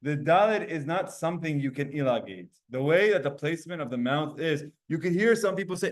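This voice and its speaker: A man leads a Talmud lesson for a room of students. His voice sits fairly high, and he explains in an animated way, sounding out letters to show his point. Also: brisk, few pauses. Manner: animated, explains with spoken demonstrations. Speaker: Torah teacher. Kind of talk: Talmud class lecture.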